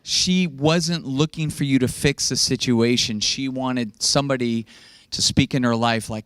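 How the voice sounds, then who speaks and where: A man's voice: medium pitch, normal speed, a bit bright, no room sound, studio quality. A man preaching a sermon as pastor, joking with the congregation and acting out quotes in a raised voice.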